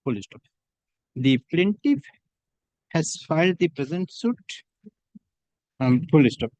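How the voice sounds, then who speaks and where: A male judge dictates an order in short, clipped fragments. His voice is a touch high, and the sound is dry and close. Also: big pitch swings, a little mellow, no echo, lo-fi sound. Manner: brisk and authoritative, dictates in fragments. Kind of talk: court proceedings and dictating orders. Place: courtroom.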